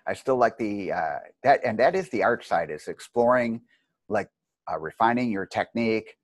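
A middle-aged man, a martial arts teacher, telling long anecdotes in a rambling, animated way with many restarts. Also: lowish voice, moderate pace, no echo. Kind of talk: casual storytelling interview.

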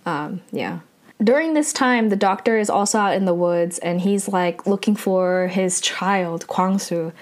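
A woman's voice: medium pitch, measured pace. Chatty woman recapping a drama. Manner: chatty, heavy filler "like", self-correcting. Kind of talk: casual spoken recap.

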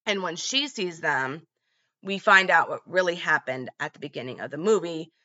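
A woman's voice: fairly low pitch, pushed and bright, muffled recording. A woman casually retelling a movie's plot in a chatty vlog, with lots of fillers. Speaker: movie recap vlogger.

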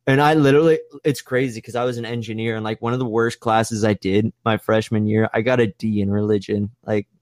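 A man's voice: fairly low pitch, steady tone, brisk, hardly any pauses, darkish tone, no echo, studio quality. A man in his twenties chatting casually on a podcast, rambling and swearing with lots of filler words. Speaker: podcast host.

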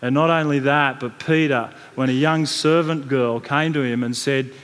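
A man's voice: mid-range voice, steady tone, normal speed, fairly bright tone. Man preaching in a reverberant hall. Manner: conversational storytelling with frequent restarts and repeated words. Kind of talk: sermon. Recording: long reverb from a large hall.

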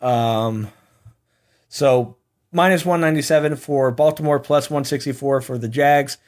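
A man's voice: medium pitch, unhurried. A young man hosting a sports podcast, running through football picks in a casual, opinionated way that sometimes turns into ranting. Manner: opinionated, ranting, laughs at own jokes. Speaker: podcast host. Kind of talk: casual sports betting chat.

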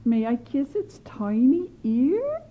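A woman voicing a sly, sinister old witch disguised as a sweet granny, in a high cooing voice. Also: wildly swooping pitch, takes it slowly, narrow, tinny audio, slight background noise, exaggerated voice. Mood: sugary.

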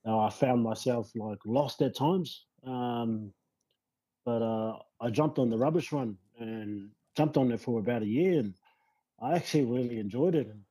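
A man, a rugby league player telling his story as a guest in a casual interview, relaxed and rambling with lots of fillers. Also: mid-range voice, normal speed, husky, dry recording, low-quality recording. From New Zealand.

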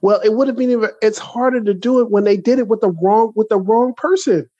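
A man's voice: high voice, a little fast, breathy edge, no echo, dull audio. A man co-hosting a podcast, ranting in casual chat with lots of restarts. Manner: animated, ranting, many restarts. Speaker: podcast co-host.

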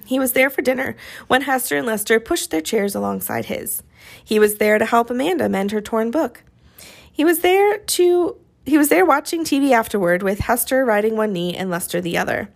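Lively, expressive woman storyteller. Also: on the high side. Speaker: audiobook reader. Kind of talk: reading a novel aloud.

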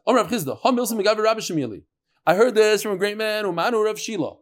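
A man leads a Talmud class. His voice sits high, and he moves between chanted Aramaic text and quick, joking English explanations. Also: expressive. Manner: reads Aramaic then explains in English with jokes. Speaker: Talmud teacher.

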